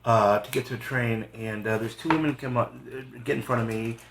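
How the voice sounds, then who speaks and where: A man's voice: medium pitch, a little fast. A man on a comedy podcast telling stories in casual chat, acting out the angry lines of the people in them. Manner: animated storyteller, acts out heated quotes. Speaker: podcast host. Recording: echoey room with background noise.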